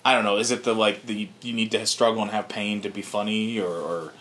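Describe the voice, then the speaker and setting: Male podcast co-host, thirties, low voice, loose profane banter. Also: fairly even intonation, fairly quick, a bit bright, slight background noise. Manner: loose, profane, laughs often. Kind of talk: casual chat.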